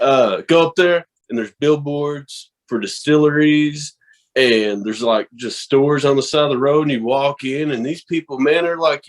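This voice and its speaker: A man from the American South telling stories in a casual podcast chat, animated and profane, laughing and acting out the voices of people he met. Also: a little high. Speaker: guest, horror host and wrestling promoter.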